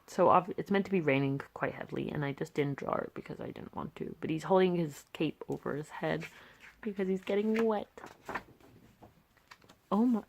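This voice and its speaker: British young woman vlogger, low-ish voice with vocal fry, rambling and self-deprecating. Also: moderate pace. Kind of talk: casual sketchbook walkthrough.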